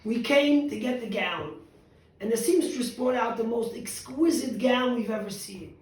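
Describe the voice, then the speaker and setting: Kind middle-aged wife, voiced by a man, earnest, emotional, high, echoey. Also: a little slow, a little mellow, distant mic.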